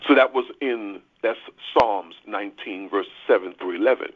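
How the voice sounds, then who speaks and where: A man's voice: on the low side, normal speed. A man preaching earnestly, stressing key words and repeating himself as he starts phrases. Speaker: pastor. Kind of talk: sermon on a prayer call. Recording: tinny phone line.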